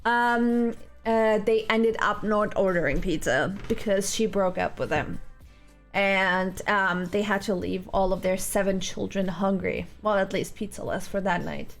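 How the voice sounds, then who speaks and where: A woman's voice: medium pitch, unhurried, vocal fry, faint music behind. A woman livestreaming from home, chatting casually with viewers in a rambling, giggly way full of fillers. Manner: rambling, giggly, thinks aloud with many fillers. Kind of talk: casual chat with live viewers. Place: home, indoors.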